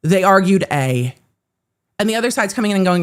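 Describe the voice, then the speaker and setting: A woman's voice: medium pitch, lively intonation, a little fast, smooth. A woman hosting a live-streamed legal commentary show, reading court filings aloud and breaking in with sarcastic, exasperated asides.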